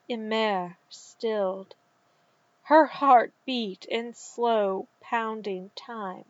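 Slow, calm woman reading a story. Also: a little high, no room sound. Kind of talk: scripted narration. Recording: dull, dry recording.

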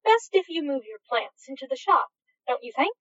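A woman's voice: sits high, very animated, normal speed. A woman voicing a fussy, prim male angel who speaks in a genteel, hesitant way. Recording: dull, dry, lo-fi.

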